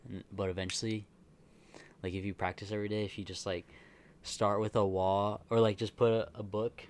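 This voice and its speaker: A man's voice: fairly low pitch, little pitch movement, brisk. A man chatting casually as a podcast co-host, speculating playfully and now and then dropping to a whisper. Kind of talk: casual chat.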